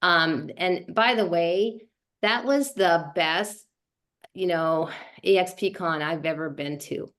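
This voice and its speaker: A woman's voice: fairly low pitch, takes it slowly, fairly bright tone. A woman sharing her thoughts on a group call, chatty and full of fillers. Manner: chatty, many fillers and restarts.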